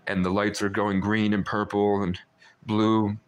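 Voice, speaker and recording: Guy on a live stream just rambling on, lowish voice, pretty monotone. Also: a little slow. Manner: rambling and talkative, with many fillers. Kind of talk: casual storytelling chat.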